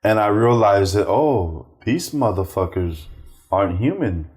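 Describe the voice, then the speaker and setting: A middle-aged male comedian telling profane, animated family stories, acting out the voices of the people in them. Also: fairly low pitch, unhurried. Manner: animated, acts out quoted voices, swears freely. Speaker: stand-up comedian, guest. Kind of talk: profane anecdotal storytelling.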